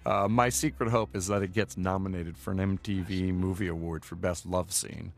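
A man talking through his film as director in a loose, meandering commentary, dropping filler words as he goes. His voice is lowish and gravelly. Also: steady tone, normal speed.

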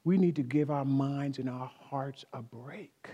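A man's voice: medium pitch, unhurried, warm tone, long reverb tail, dull audio. A man preaching a sermon, speaking emphatically, repeating key phrases and talking directly to the congregation in a church. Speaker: pastor.

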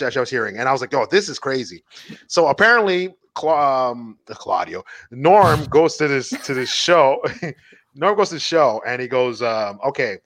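A man's voice: mid-range voice, no room sound, studio quality. A man co-hosting a casual podcast, retelling comedy bits with lots of swearing and restarts. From Montreal, Canada. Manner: animated storyteller, swearing, many restarts. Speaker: podcast co-host.

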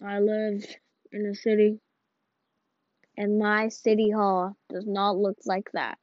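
A woman giving casual, rambling commentary while playing, excitable and mock-ranting. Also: mid-range voice, takes it slowly, no echo. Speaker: video creator. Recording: dull lo-fi audio.

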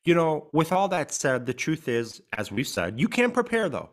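A man's voice: medium pitch, big pitch swings, moderate pace. A man co-hosting a podcast as a grief coach, talking in an earnest, emphatic way and stressing key words. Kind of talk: podcast conversation.

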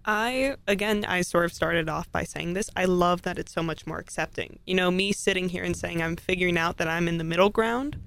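Deep-voiced gravelly young woman. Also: brisk, hardly any pauses, fairly bright tone. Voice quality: naturally deep voice. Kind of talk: casual podcast chat.

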